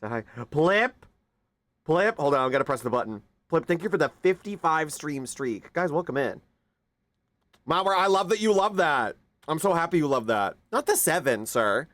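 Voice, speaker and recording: Lively-voiced man chatting on a livestream. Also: on the high side, moderate pace, no room sound. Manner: chatty, greets viewers by name, coos at his pet. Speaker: streamer. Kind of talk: casual livestream chat.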